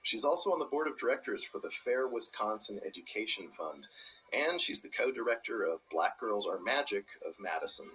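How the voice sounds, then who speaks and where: Bright-voiced male host introducing. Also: lowish voice, animated, brisk, poor audio. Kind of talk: scripted introduction.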